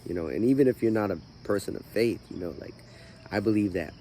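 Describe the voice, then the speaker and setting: A fast-talking man with a warm, lowish voice, slight background noise behind him. As the host of his own channel, he rambles about his life story in vlog fashion, sounding groggy from the morning and full of "you know" fillers.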